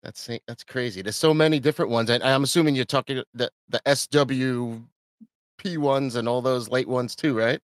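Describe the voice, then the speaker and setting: A male host leads a casual chat, full of eager questions and quick laughs. His voice sits at a middle pitch. The sound is dry and close. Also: no echo. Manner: eager, curious questioner who laughs easily. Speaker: podcast host.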